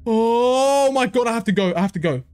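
High-pitched guy freaking out over scary games, voice all over the place, cursing and joking. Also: lively intonation, brisk, a little mellow, clean tone. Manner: jumpy, panicky, swearing, self-mocking. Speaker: gaming video creator. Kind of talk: horror game commentary.

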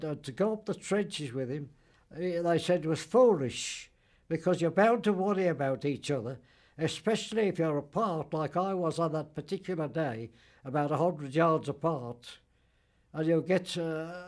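Casting: very old man, veteran interviewee, halting and fairly high-voiced. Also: a little mellow. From Birmingham, England. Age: older, about 90s. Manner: halting, repeats words, old-fashioned dialect grammar. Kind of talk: spoken recollection in interview.

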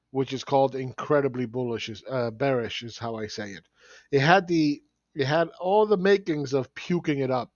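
A man's voice: mid-range voice, normal speed, no room sound, lo-fi sound. A man hosting his own market commentary video, talking bluntly and sarcastically and chuckling often as he walks through charts. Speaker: market analyst host.

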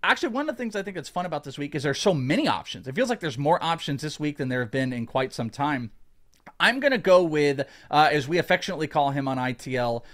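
A man's voice: fairly high pitch, animated, fast, fairly bright tone. A man hosting a podcast in a casual chat, enthusiastic, rambling and jokey. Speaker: podcast host.

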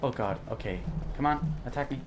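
A man's voice: mid-range voice, brisk, noisy background. A young man commenting on his own gameplay as he plays, jumpy and panicky, often repeating words in bursts. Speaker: gaming YouTuber.

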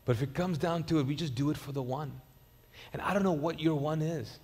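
A man's voice: fairly high pitch, a little fast, a little mellow, husky, long reverb tail. A man preaching a sermon as pastor, conversational and storytelling, with frequent restarts and repeated words. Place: church auditorium.

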